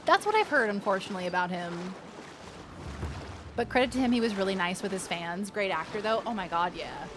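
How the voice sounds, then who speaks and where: A woman streaming a game, chatting casually and reacting with animated outbursts and swearing. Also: mid-range voice, fairly quick, noisy background. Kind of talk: casual gaming commentary.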